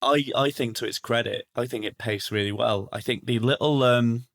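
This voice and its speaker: A man's voice: medium pitch, normal speed, a bit bright. A man co-hosting a podcast, chatting casually about a film with many restarts and fillers. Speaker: podcast co-host. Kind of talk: casual film review chat.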